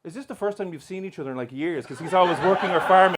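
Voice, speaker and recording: A man doing stand-up in a comedy club, teasing the audience with brash, sweary jokes. His voice sits a little high for a man. The live recording carries clear crowd noise around him. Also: racing. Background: crowd laughter.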